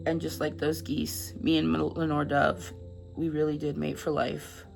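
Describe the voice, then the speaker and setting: A woman's voice: low voice, little pitch movement, moderate pace, creaky, music in the background. A woman reading passages of a novel aloud to camera, stumbling over words now and then, and chatting about the book with effusive feeling. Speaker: book reviewer.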